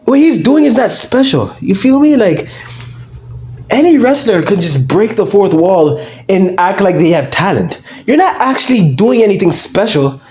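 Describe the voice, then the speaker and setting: Lively, profane young man ranting. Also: high voice, moderate pace. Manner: brash, profane, mocking, trails off with fillers. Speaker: wrestling commentary YouTuber. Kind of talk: casual ranting monologue to camera.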